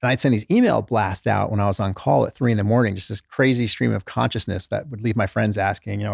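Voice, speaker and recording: Fast-talking gravelly middle-aged man. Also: lowish voice, no echo, clean studio sound. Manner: animated, self-deprecating, lots of restarts and quoted inner thoughts. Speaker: guest author, former doctor. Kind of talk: casual interview storytelling.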